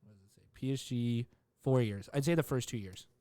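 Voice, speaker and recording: A man's voice: mid-range voice, a little fast, mellow. A man co-hosting a casual podcast chat, rambling along with lots of fillers and restarts. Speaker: podcast co-host.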